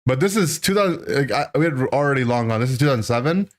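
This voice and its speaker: A streamer in his thirties tells his chat a story from his childhood, animated and rambling, sprinkling in lots of "right?" and "like." His mid-range voice moves fast in this casual storytelling to a live audience.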